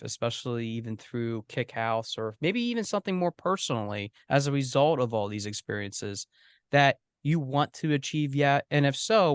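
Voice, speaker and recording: A man's voice: mid-range voice, clear, resonant tone, dry recording, clean studio sound. A young man hosting a podcast, asking earnest, long, winding interview questions. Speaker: podcast host.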